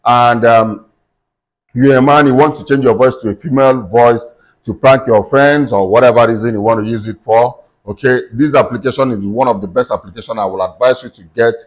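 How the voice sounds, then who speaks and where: A man hosts a screen-recorded software tutorial and walks through each step. He talks in a plain instructive way, often saying "okay" and "um" as he moves between steps. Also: medium pitch, a little fast, low-quality recording. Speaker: tech tutorial host.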